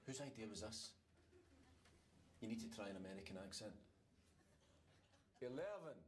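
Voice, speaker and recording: A man's voice: on the low side, lively intonation, moderate pace, lightly acted. A man playing a sarcastic Scottish lift passenger. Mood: grumbling. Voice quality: sarcastic, blunt. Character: grumpy Scottish man arguing with a talking lift.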